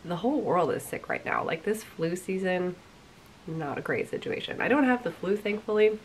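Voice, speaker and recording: A woman's voice: fairly low pitch, animated, normal speed, a little hiss or hum. A young woman hosting a knitting podcast, chatting casually and a bit self-deprecatingly while congested from a cold. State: congested, sick voice. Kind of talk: casual chat.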